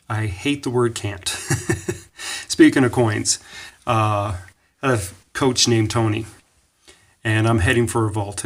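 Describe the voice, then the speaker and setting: Chatty Canadian man in his forties. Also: fairly low pitch. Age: 40s. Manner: rambling, self-correcting, laughs often, acts out quoted voices. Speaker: vlogger. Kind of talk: casual motivational storytelling.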